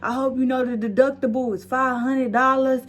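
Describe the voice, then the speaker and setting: A woman's voice: high voice, steady tone, normal speed, pitched above the performer's own voice, close to an everyday voice. A woman doing her stern scolding mom. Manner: stern, complaining. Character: exasperated scolding middle-aged mom.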